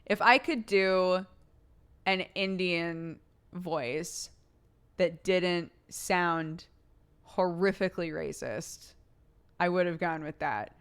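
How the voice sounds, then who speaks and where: A woman's voice: on the low side, slow, long pauses, a bit bright, smooth. A woman streamer with a sore throat, chatting casually with her audience, giggly and swearing freely.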